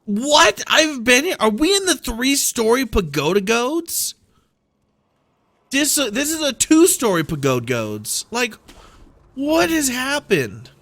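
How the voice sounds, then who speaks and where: A man's voice: very high voice, big pitch swings, slow pace, fairly bright tone. A man streaming a game, giving rambling, playful, self-deprecating commentary. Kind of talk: casual gameplay commentary.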